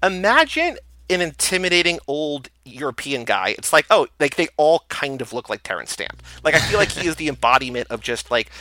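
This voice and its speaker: A man's voice: mid-range voice, a little fast, few pauses, no room sound. A man co-hosting a casual movie podcast, acting out quoted reactions as he talks. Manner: animated, acts out quoted reactions. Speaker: podcast co-host. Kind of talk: casual movie review chat.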